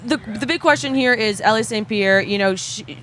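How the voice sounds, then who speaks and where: A woman giving measured, casual analysis of a race. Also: a little high, fairly bright tone, slight background noise. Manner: measured, analytical, laughs along. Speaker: track and field commentator.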